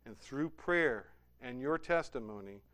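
A man preaching a sermon, building to emphatic high peaks and then dropping into soft, low endings. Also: lively intonation, unhurried.

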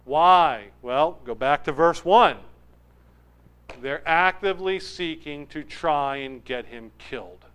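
A man preaches verse by verse in a smooth, clear voice that sits a little high. He is animated, rising loud for emphasis and dropping low for asides. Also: slow pace, rough recording. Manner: acts out crowd voices. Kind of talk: verse-by-verse sermon.

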